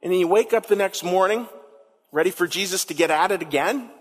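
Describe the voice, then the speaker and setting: A male pastor preaching in a church sanctuary, his voice sitting a little high and trailing off into the long reverb of the hall. He tells the story in an animated way and repeats phrases for emphasis. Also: fairly quick. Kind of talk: sermon.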